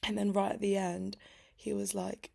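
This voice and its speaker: A woman's voice: medium pitch, level tone, moderate pace, creaky, mellow. A young woman talking late at night into her laptop mic, chatty and teary, laughing often and saying "like" a lot. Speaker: vlogger. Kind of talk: late-night diary vlog.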